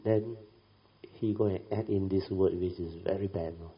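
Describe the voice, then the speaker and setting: A deep-voiced middle-aged man teaching as a Buddhist speaker, relating a family episode with many "you know" tags and bursts of laughter. The recording sounds dull and lo-fi. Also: fairly even intonation, normal speed. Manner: chatty, tag questions, laughs while telling. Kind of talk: storytelling Dhamma talk.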